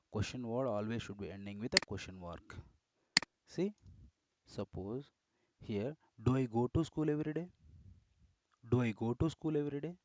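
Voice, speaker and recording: A man's voice: lowish voice, dry recording, muffled recording. A man teaching English grammar in a screen-recorded lesson, repeating and correcting himself as he explains step by step.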